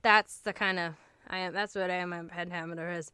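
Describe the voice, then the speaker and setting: A woman hosting a casual comedy podcast, her voice bright, smooth and a little high. She jokes and swears freely and laughs often, recorded close and dry. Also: steady tone, brisk, no room sound. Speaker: podcast co-host.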